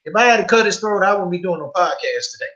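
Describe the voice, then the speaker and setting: A young man with a bright, forceful voice, telling long profane stories on a casual podcast. His delivery is animated, and he keeps slipping into other people's lines as he tells it. The room rings with a roomy echo. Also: sits high, fast talker, highs cut off. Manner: profane, animated storytelling with quoted dialogue. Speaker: podcast host.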